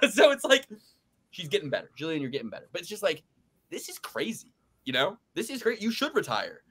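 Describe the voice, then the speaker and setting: A man's voice: on the high side, big pitch swings, fast, a bit bright, husky. A man from the United States co-hosting a casual sports betting podcast, ranting with mock outrage. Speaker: podcast co-host.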